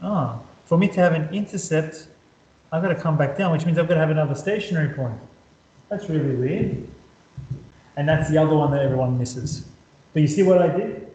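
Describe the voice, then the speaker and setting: A man's voice: a little high, a little fast, pauses often, dark tone. A man tutoring calculus at a whiteboard who repeats words as he draws and keeps quizzing his student. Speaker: maths tutor. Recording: echoey room.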